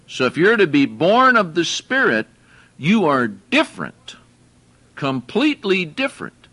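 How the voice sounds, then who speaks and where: A man teaching from the Bible in an unhurried, deliberate sermon, pausing on each word. His voice sits a little high and sounds bright and clear. He stops to ask his listeners plain questions. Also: wildly swooping pitch. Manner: slow, deliberate, explains Greek words and asks the listeners questions. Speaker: preacher.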